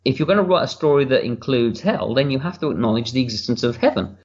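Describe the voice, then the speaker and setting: This writer-director's commentary, recorded in a home room with dull audio, is candid, long-winded and casually profane. His mid-range voice sounds animated and a little mellow, and he talks at a quick pace.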